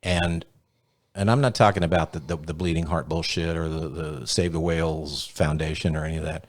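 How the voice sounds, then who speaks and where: A man with a very low, deep voice hosts a loose podcast conversation. He rambles through anecdotes and swears freely as he talks. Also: fairly even intonation, fairly quick. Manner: profane storyteller, rambling. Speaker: podcast host. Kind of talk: casual chat.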